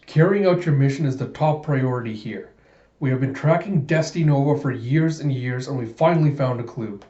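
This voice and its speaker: A man's voice: medium pitch, brisk, mellow, close to an everyday voice. A man voicing a stern female mission controller who gives firm, clipped orders. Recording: echoey room, dull lo-fi sound.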